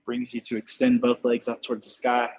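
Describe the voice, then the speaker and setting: A man guiding a yoga class through postures and breathing, with calm, slow spoken cues and spiritual phrasing. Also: medium pitch, husky, dry recording, poor audio. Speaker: yoga instructor. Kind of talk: guided yoga class instruction.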